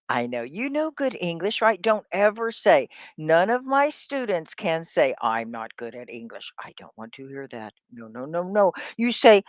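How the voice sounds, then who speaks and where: A woman's voice: lowish voice, no echo, studio quality. A middle-aged woman teaching a live online English class, upbeat and encouraging as she speaks to viewers in the chat by name. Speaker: ESL teacher.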